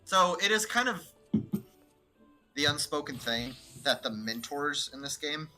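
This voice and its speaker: A man's voice: on the high side, animated, unhurried, pushed and bright, faint music behind. A man chatting casually about a video game, talkative and full of filler words. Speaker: co-player. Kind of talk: casual gaming chat.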